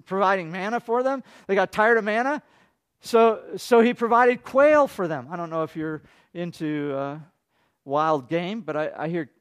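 High-voiced man preaching a lively sermon. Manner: conversational storytelling with rhetorical questions to the congregation; swings from loud excited preaching to soft quiet asides. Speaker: pastor.

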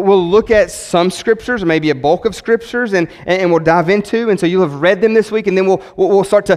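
Male pastor preaching in an excited, loose style, slightly high-pitched, often restarting sentences. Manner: enthusiastic, conversational; rambling with frequent restarts. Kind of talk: sermon.

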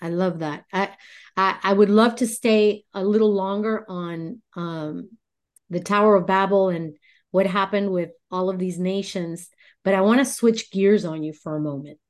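A woman hosting a relaxed talk show, chatting playfully and asking her guest questions. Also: medium pitch, moderate pace. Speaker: host. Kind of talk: casual chat.

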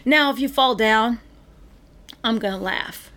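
A woman's voice: fairly high pitch, unhurried, fairly bright tone. A middle-aged woman in casual chat, chatty and giggly, often restarting her sentences.

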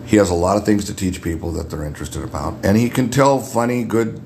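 A man with a deep radio voice, a guest in a casual podcast chat, who often repeats words as he starts a thought. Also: fast talker, vocal fry, a little mellow, slight background noise. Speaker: guest, makeup artist.

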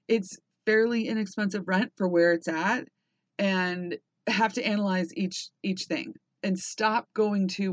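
A woman's voice: on the low side, measured pace, no room sound, dull audio. Candid woman podcaster, dry close sound. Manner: candid, swears freely, rambling with restarts. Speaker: podcast host. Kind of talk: personal podcast monologue.

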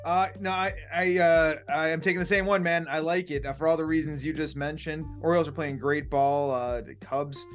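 Energetic excitable man hosting betting talk. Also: fairly high pitch, brisk, hardly any pauses, faint music behind. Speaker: podcast host. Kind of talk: casual sports betting chat.

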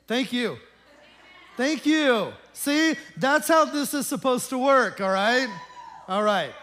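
Chatty male pastor with a high voice, joking with his congregation during church announcements. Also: a bit bright. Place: church sanctuary.

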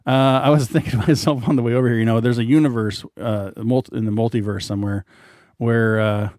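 A man's voice: mid-range voice, fairly even intonation, fast, a little mellow, no room sound, studio quality. A man in his forties, a podcast co-host, chatting casually, laughing often and swearing freely as he rambles through stories. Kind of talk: casual banter.

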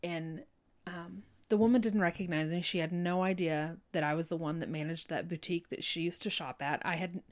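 A woman telling a heartfelt personal faith story in an earnest, halting way, full of restarts and fillers like "you know". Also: lowish voice, fairly even intonation.

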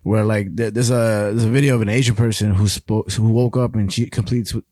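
A man's voice: lowish voice, fairly even intonation, a little fast, warm tone, no echo, studio quality. A man co-hosting a podcast in casual, joking chat, swearing freely and laughing often, his voice sounding a little tired. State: low-energy, tired-sounding voice. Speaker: podcast co-host.

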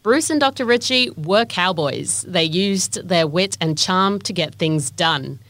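A woman narrates a documentary in a measured, steady scripted read. Her voice sits a little low, recorded dry and close. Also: no echo.

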